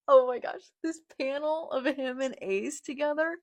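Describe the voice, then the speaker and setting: A woman reading a manga live and reacting, excitable and gushing, with gasps and exclamations, reading character lines aloud plainly. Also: high-pitched, a little slow, no echo. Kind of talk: live read-along reaction.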